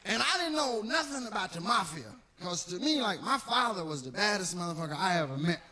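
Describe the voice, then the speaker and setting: A male stand-up comedian with a high, bright voice. He tells stories in an animated, profane style and acts out the people in them. His pitch swings widely, and faint noise sits behind him. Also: fairly quick. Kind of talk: stand-up storytelling.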